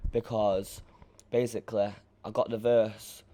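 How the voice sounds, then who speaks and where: A man's voice: on the low side, little pitch movement, a little slow, warm tone. A young man with a Manchester accent chatting casually in an interview, slangy and laid-back, often repeating himself. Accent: Northern English, Manchester. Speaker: rapper being interviewed. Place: interview room in Berlin.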